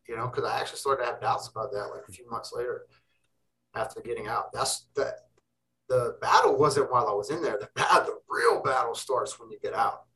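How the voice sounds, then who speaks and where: A young man talks with fierce, emphatic intensity, dropping curses as he goes. His voice is bright and tense. He sounds set back a little from the microphone. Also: medium pitch, brisk, far from the mic, low-quality recording. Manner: intense, emphatic, swears freely. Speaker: interview guest. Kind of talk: casual interview talk.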